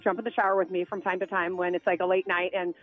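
A woman's voice: fairly low pitch, flat delivery, fast, faint music behind. A woman, a mother, calling a radio show and chattily telling a story. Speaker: caller. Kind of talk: phone call to radio show. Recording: dull lo-fi phone audio.

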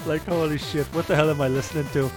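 A podcast host casually tells a story, laughing often and stumbling, repeating words when he starts a thought. His voice is a little high and steady in tone, he talks fast, and music plays in the background.

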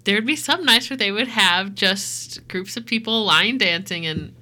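Bright-voiced young woman chatting. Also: mid-range voice, measured pace. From Illinois. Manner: rambling, laughs often. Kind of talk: casual chat.

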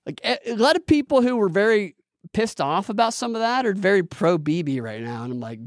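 A man's voice: high-pitched, animated, brisk, dry recording, clean studio sound. A man hosting a live political podcast, ranting in a heated, profane, rambling way with restarts and laughs. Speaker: podcast host. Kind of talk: live-streamed political commentary rant.

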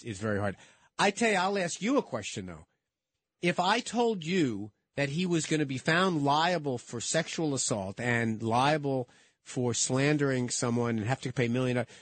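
A man co-hosting a political talk show, in quick casual debate, often restarting his sentences. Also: a little high, no room sound.

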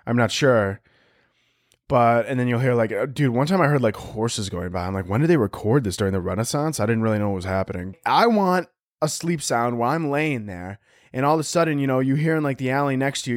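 A young man hosting a podcast, riffing in a profane, rambling comic monologue and often breaking into squeaky impressions. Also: normal speed, dry recording, clean studio sound. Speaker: podcast host.

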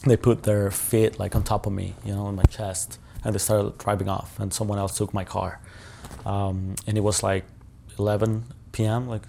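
A man's voice: on the low side, level tone, normal speed, vocal fry, slight background noise. A male journalist recounting a personal ordeal in an interview, talking casually with lots of fillers and swearing.

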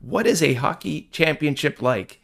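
A man's voice: fairly high pitch, lively intonation, moderate pace, gravelly. A male podcast host who reads out the guest's career and asks him questions. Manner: recaps the guest's career in a scripted way. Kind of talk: interview questions.

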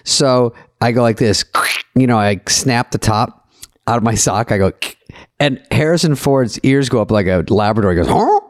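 A man in a casual podcast chat, spinning a rowdy, swear-laden story with animated energy. His voice sits in the usual male middle range. It is recorded close and dry, with no room around it. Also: mid-range voice, normal speed, dry recording. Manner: profane, animated anecdote-telling. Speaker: podcast co-host.

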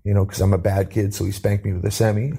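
Gravelly low-voiced man telling his story. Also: level tone, quick pace, dark tone. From Canada. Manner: earnest, acts out quoted voices with rising pitch. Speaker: interview guest. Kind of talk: personal storytelling in an interview.

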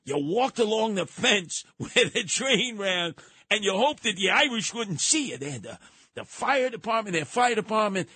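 A bright, husky older man spins colorful neighborhood stories as a radio host, now and then breaking into a shout. The sound is close and dry, with no room around it. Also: high-pitched, normal speed, dry recording. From New York. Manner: animated, colorful storytelling with bursts of shouting. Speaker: radio talk show host. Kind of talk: storytelling monologue.

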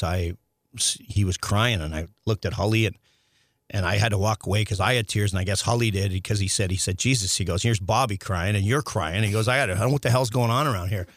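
A middle-aged man, a former hockey player, telling stories as a podcast guest in a rambling, animated way with restarts and some swearing. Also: on the low side, no echo, studio quality. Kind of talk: casual storytelling interview.

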